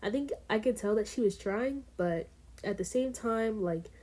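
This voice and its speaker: A woman's voice: on the high side, normal speed, a little mellow. Chatty teenage girl telling a story. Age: teens. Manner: chatty, rambling, full of fillers and asides. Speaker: vlogger. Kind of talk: casual storytime vlog.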